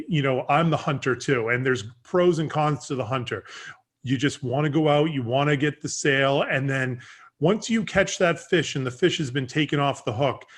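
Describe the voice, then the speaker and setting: A man's voice: mid-range voice, fairly bright tone. A man hosting a casual interview, talking in an enthusiastic, rambling way with lots of restarts. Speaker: podcast host.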